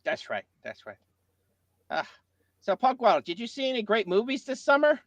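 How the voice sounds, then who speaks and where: A man's voice: very high-pitched, very animated, normal speed, dry recording, muffled recording. A man hosting a livestream, chatting casually and playfully with a co-host. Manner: playful, jokey banter.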